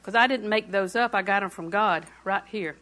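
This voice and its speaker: A woman in her sixties preaches a sermon at normal speed in a mid-range voice. She repeats phrases for emphasis and moves between quiet asides and loud declarations.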